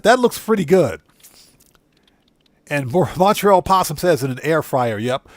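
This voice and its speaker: A man live-streaming a video game, chatting casually and excitably with his viewers from a home streaming setup. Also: fairly high pitch, measured pace, long pauses, no echo. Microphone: streaming setup microphone.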